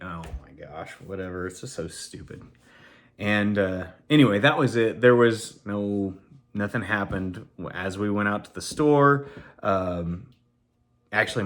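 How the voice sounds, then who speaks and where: A man's voice: fairly low pitch, a bit bright. Rambling middle-aged man telling a story. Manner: rambling, many fillers and restarts, laughs while telling. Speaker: channel host telling a story. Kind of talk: casual storytelling.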